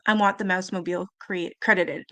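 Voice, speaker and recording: A woman hosting a live-stream panel, chatting casually and reading viewer comments aloud with quick asides. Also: on the low side. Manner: chatty, animated, quick asides and little laughs.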